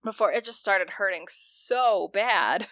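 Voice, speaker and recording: Young woman, podcast co-host, bright voice, dry close sound, laughs a lot. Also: mid-range voice, expressive, takes it slowly, dry recording. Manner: laughs often while telling a story. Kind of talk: casual chat.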